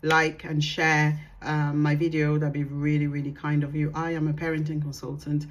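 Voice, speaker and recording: This woman, a parenting consultant, has a low voice and a moderate pace, and the audio sounds dull. She gives calm, sincere advice to the camera, performing bits of dialogue as she talks.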